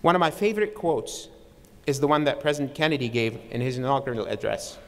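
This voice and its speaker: A man's voice: mid-range voice, animated, fast talker. A man giving a formal commencement address from a podium, earnest and emphatic, laying out his advice point by point. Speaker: commencement speaker. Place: large hall with long reverb. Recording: long hall reverb from a ceremony.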